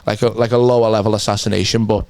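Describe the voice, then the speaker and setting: A man's voice: fairly low pitch, flat delivery, very fast, vocal fry, darkish tone, no room sound. A man co-hosting a podcast in casual chat, crude and joking, laughing often. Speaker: podcast co-host.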